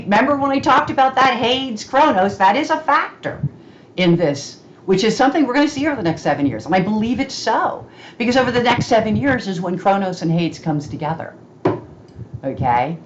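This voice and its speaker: A woman's voice: mid-range voice, dull audio, slight background noise. A woman giving an informal astrology talk, chatty and checking in with listeners by asking "okay?" as she goes.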